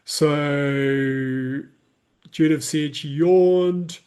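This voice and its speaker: A man leading a live guided breathing session, counting breaths in a calm, soothing way and explaining the practice casually. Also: on the high side, very slow. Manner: casual explaining with fillers, reads chat comments.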